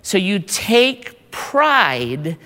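Pastor delivering a sermon: bright, slow, deliberate, repeats words; long hall reverb. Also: mid-range voice, big pitch swings. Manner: deliberate, repeats words while building points.

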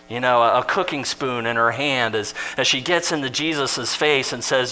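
A man's voice: fairly high pitch, lively intonation, moderate pace, bright, forceful tone, poor audio. A man preaching a sermon in a conversational, storytelling way, acting out the lines he quotes.

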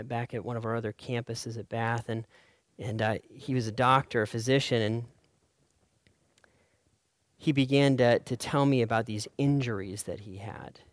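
A man's voice: mid-range voice, no room sound. Dry-sounding man preaching a sermon. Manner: storytelling, swings from soft to loud. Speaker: pastor.

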